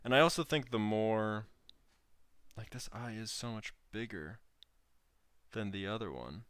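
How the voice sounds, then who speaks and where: A man's voice: lowish voice, a little slow, fairly bright tone, no room sound. A young man casually talking viewers through his drawing on a livestream, easygoing and chatty as he works. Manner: easygoing, chats with viewers while working. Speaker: streamer teaching drawing. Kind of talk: laid-back livestream drawing commentary.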